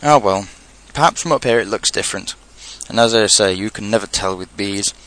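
A man's voice: lowish voice, fairly quick, fairly bright tone. A man voicing an earnest, anxious little bear in a storybook reading, musing and solemn.

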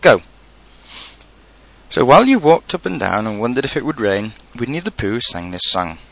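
A man narrates a children's storybook in an unhurried manner. His voice has a gravelly texture and moves through a lively range of pitch, and he drops into quiet asides between the characters' lines. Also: poor audio. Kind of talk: storybook reading.

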